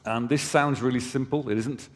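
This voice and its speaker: A man's voice: mid-range voice, steady tone, moderate pace. A man giving a conference presentation, explaining things conversationally with casual asides to the audience. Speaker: company presenter. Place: conference hall stage. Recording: long hall reverb.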